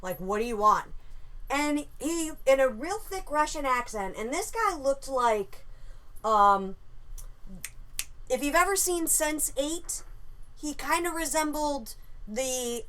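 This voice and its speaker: A woman casually telling a story about a dream, animated and swearing freely. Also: high voice, takes it slowly, long pauses.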